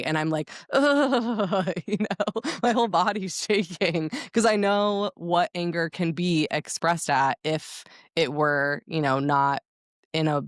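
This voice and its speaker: A woman's voice: low voice, no room sound, studio quality. A woman co-hosting a podcast, speaking thoughtfully and expressively and laughing easily. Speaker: podcast co-host. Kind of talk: casual podcast conversation.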